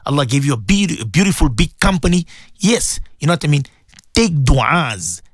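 A man hosting a morning radio show, giving religious advice in a preachy, animated way, repeating phrases for emphasis. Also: fairly high pitch, normal speed, husky, dry recording, studio quality. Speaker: radio presenter. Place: radio studio.

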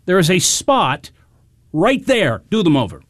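A man's voice: high voice, big pitch swings, measured pace, noisy background. A sneering, drill-sergeant stepfather. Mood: menacing. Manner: barking, sneering commands. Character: cruel controlling stepfather, military manner. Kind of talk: radio drama acting.

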